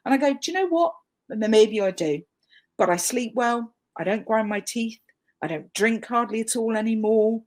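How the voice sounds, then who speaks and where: A woman's voice: on the high side, a little mellow. A woman with a British accent giving a live webinar training talk over a video call, chatty, self-deprecating and emphatic. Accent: British English.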